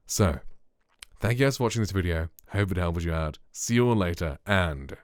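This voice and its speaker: A British man with a dark, bassy voice reviewing microphones in a casual vlog, rambling with lots of "like" and fillers. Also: lively intonation, normal speed, no room sound, clean studio sound. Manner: rambling, filler-heavy, full of "like". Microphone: close studio microphone.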